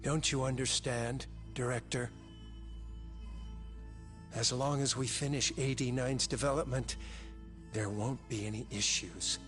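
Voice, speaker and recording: A man's voice: mid-range voice, fairly even intonation, a little slow, pauses often, fairly bright tone, close to an everyday voice. A man playing a hesitant, guilt-ridden scientist. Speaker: research scientist. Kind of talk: dubbed game dialogue. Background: dramatic game music.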